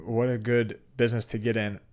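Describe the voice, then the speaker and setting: A man's voice: fairly low pitch, level tone, fairly quick, darkish tone. A man hosting a podcast interview, casual and enthusiastic, cheering his guest on. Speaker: podcast host.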